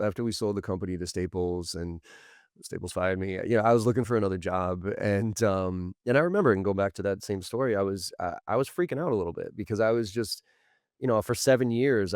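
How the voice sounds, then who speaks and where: A middle-aged man with a lowish voice, telling sales stories with lively energy. He jumps into quoted voices and restarts his sentences often. The sound is close and dry. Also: no echo. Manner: animated, acts out quotes, many restarts. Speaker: sales trainer, podcast guest. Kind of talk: casual interview storytelling.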